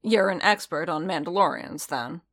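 A woman's voice: on the low side, measured pace, lightly acted. A woman reading a weary male bounty hunter. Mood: sharp.

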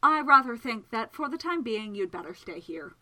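A woman voicing a fierce, scornful lady in an audiobook, sharp and commanding. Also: fairly high pitch, very animated, moderate pace, voice pushed up, full character voice. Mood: imperious.

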